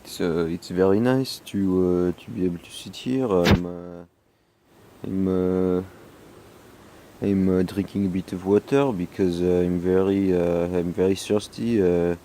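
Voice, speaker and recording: A deep, mellow-voiced man with a French accent rambles through a casual outdoor vlog, worn out and hungover. He talks in halting bursts full of fillers and drifts between English and French. Faint background noise sits under his voice. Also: steady tone. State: tired and hungover. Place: outdoors on a deck.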